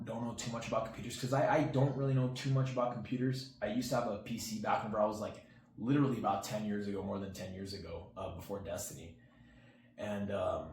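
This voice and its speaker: A man's voice: fairly low pitch, a little mellow. A young man telling a personal story to his viewers in a casual, rambling way, full of fillers, acting out what his friend said. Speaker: channel host. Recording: roomy echo, faint background hiss.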